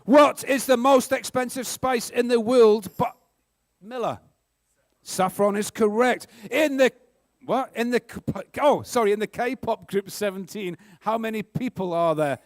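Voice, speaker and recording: A man with a New Zealand accent hosting a live school quiz, brisk and joking, with sarcastic asides between questions. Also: very high voice, no room sound, studio quality. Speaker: quiz host.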